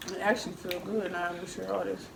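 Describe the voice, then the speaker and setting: A woman's voice: lowish voice, flat delivery, fairly quick, gravelly. A young woman vlogger, chatting casually while eating and talking to her baby son. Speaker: mukbang vlogger. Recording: echoey room with background noise.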